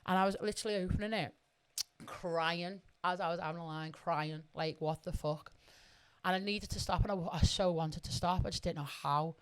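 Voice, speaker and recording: A woman's voice: on the low side, fairly even intonation, brisk, smooth. A middle-aged woman, a podcast guest telling her story bluntly and with lots of swearing. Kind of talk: candid conversational storytelling.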